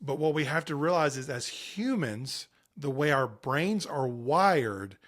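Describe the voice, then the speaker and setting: A man's voice: a little high, expressive, measured pace, a bit bright. Earnest, emphatic man in his thirties. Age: 30s. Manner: earnest, emphatic storyteller with frequent restarts. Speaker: podcast guest, sports parenting coach. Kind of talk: conversational interview.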